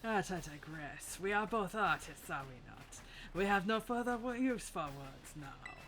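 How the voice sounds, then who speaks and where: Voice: medium pitch, lively intonation, extremely slow, sharp tone, slight background noise, exaggerated voice. A player putting on a pompous sculptor gym leader. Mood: lofty. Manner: pompous, theatrical, attempting a Spanish accent. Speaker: game character voiced by a let's-player. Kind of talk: reading game dialogue aloud.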